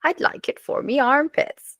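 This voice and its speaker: A woman putting on a Swedish man's voice and accent to tell a joke, in a high, sing-song manner. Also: a little slow, pushed and bright, no room sound, clean studio sound. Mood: joking. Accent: mock Swedish. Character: Swedish man buying deodorant.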